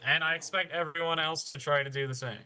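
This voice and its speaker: A man's voice: on the high side, fairly even intonation, quick pace, sharp tone. A man arguing his platform in an in-character roleplay election, defensive and insistent.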